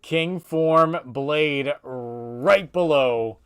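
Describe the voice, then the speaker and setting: A man with a slightly raised voice leads a casual group chat. He talks with excitement and swears freely as he argues for his picks. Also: on the high side, drawn-out words, over a noisy crowd. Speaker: host ranking forms.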